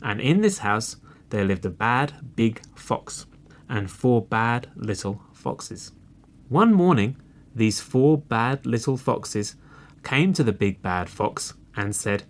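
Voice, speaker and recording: A man reading a folk tale aloud as a storybook narrator, expressive and unhurried. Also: fairly low pitch.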